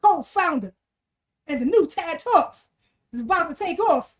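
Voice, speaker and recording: A woman's voice: extremely high pitch, animated, a little slow. A woman hosting a casual livestream, energetically greeting viewers and repeating her greetings. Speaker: livestream host. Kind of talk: casual livestream shout-outs and chat.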